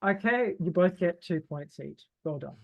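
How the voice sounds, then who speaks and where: A quizmaster reads trivia questions and hands out points in a brisk, teasing manner. The voice has a middling pitch, and the recording is dry and close. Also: lively intonation, gravelly, dry recording, dull audio. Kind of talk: casual party game hosting.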